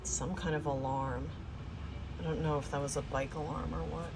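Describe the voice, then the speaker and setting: A woman with a low, creaky voice speaks at a moderate pace against background noise. She's a vlogger cooking in her small apartment kitchen, relaxed and rambling as she thinks out loud to the camera and drifts between topics.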